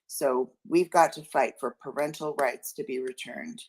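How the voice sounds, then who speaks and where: A woman's voice: extremely low pitch, normal speed, a little mellow, poor audio. A woman guest on a podcast, speaking in a fervent, rallying way. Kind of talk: casual chat.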